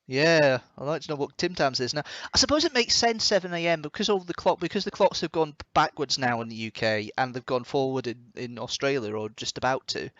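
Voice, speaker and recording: A man's voice: medium pitch, animated, brisk, hardly any pauses, a bit bright, dry recording. A man from Scotland hosting a casual livestream, chatty and exclamatory as he reacts to viewer comments. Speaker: livestream host. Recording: slightly dull lo-fi stream audio.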